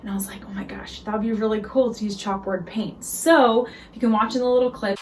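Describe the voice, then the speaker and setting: A woman's voice: fairly high pitch, fairly even intonation, a little fast, slight background noise. A young woman giving a casual, upbeat room tour of her bedroom, talking to the camera with lots of "um"s and "like"s, with a few Spanish words in between. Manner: chatty, upbeat, many "um"s and "like"s.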